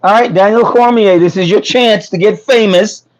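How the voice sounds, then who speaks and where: A high-pitched man at normal speed, recorded lo-fi on a phone, hosts a casual food truck business livestream. The New Yorker reads viewer comments, joking and laughing with them while losing his voice.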